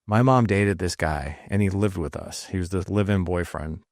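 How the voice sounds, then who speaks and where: A man's voice: deep voice, moderate pace, no echo, studio quality. A man in his late forties hosting a podcast, telling a personal story in a casual, rambling way with fillers and restarts. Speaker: podcast host.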